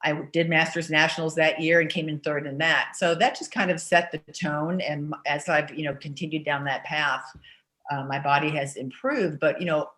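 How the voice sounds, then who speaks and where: A woman's voice: low-pitched, normal speed. Chatty woman in her sixties. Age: 60s. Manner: chatty, energetic, many "you know" fillers. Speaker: interview guest. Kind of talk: casual storytelling in an interview.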